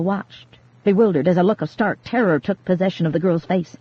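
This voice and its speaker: A woman reads an audiobook in a measured, dramatic way, her voice lowish and a little husky. The sound is dull and dry, like a 1980s studio cassette recording. She keeps a steady narrator's pace. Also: dry recording. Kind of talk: scripted narration.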